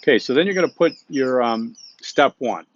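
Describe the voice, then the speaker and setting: A man's voice: medium pitch, expressive, moderate pace, lo-fi sound. A man giving recorded class instructions in a conversational way, often checking in with "okay?" and restarting sentences. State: hiccups.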